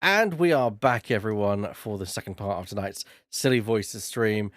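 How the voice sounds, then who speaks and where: A man hosting a live group voice-acting stream and narrating scene headings in a relaxed, jokey way. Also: lowish voice, moderate pace, no echo.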